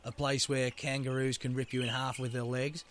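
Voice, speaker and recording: A man's voice: medium pitch, little pitch movement, moderate pace, fairly bright tone, a little hiss or hum, lightly acted. A man voicing a foul-mouthed, laid-back male wombat with an Australian accent and a slangy, swearing drawl. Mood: chatty.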